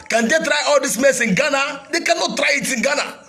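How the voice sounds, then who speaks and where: A fiery Nigerian man with an Igbo mother tongue, his voice pitched very high and sharply bright. He declaims to his followers as a militia leader, alternating shouted lines with a sing-song cadence. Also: brisk, few pauses. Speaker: self-styled militia leader. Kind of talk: impassioned speech to followers.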